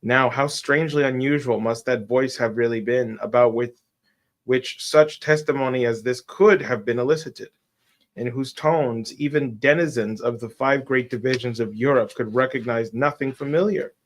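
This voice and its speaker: A man reads a classic detective tale aloud on a relaxed live stream. He works through a long, wordy speech, sometimes tripping over a word and starting it again. His voice sits at an ordinary middle pitch. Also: normal speed. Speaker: co-host reading a classic story aloud.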